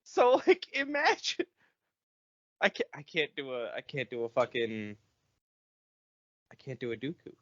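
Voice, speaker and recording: A man co-hosting a podcast in casual banter, animated and easily flustered. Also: mid-range voice, measured pace, pauses often, no room sound, dull audio. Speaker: podcast co-host.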